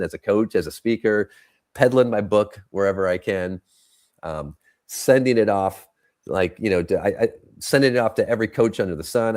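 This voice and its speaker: A man's voice: low-pitched, a little mellow. A middle-aged man telling a story in a podcast conversation, acting out the dialogue he quotes. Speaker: guest.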